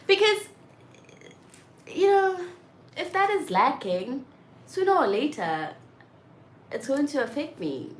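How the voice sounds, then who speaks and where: A young woman chatting candidly and frankly, often getting loud and exasperated as she makes her point. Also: high-pitched, very animated, slow pace, long pauses. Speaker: vlogger. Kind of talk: candid casual chat. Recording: roomy echo with faint background noise.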